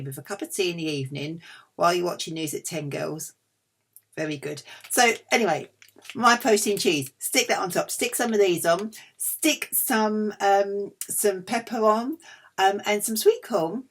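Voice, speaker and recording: Chatty husky woman vlogger. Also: lowish voice, normal speed. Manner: cheeky, chatty, self-mocking. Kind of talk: chatty food haul vlog.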